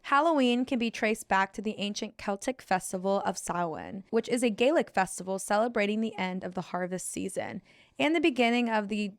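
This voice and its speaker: A young woman, co-hosting a podcast with quick, playful remarks in casual chat. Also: medium pitch, no room sound, clean studio sound. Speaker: podcast co-host.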